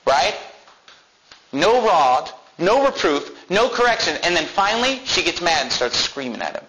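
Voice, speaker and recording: A male pastor preaching a sermon, reading verses slowly and then explaining them with emphasis. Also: a little high, very animated, fairly bright tone, slight background noise, low-quality recording.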